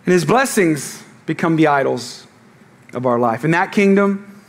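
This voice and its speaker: Animated, joking male pastor. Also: on the high side, a little slow. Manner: animated, joking storytelling to the congregation. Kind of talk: sermon.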